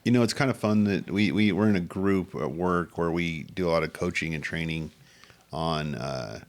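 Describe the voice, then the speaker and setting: A man's voice: low voice, moderate pace. A man from Utah, co-hosting a podcast and chatting in a casual, conversational way. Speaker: podcast co-host. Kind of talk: casual chat.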